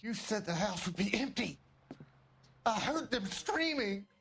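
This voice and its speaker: A man's voice: sits high, sing-song, unhurried, creaky, a bit bright, slight background noise, heavily acted. An actor playing a tormented male arsonist who pleads with his doctor, voice anguished and repeating himself. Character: tormented guilt-ridden male arsonist patient. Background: game music.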